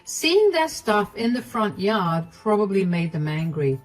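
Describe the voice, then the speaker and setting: A woman narrating a first-person story in an even, matter-of-fact way. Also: mid-range voice, measured pace, soft background music, low-quality recording.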